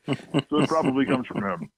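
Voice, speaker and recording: A man who works as a newsman, judging a comedy show with deadpan, unhurried answers. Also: mid-range voice, slightly rough, no room sound. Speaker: newsman serving as judge. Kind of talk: dry banter. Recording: phone-like, dry line.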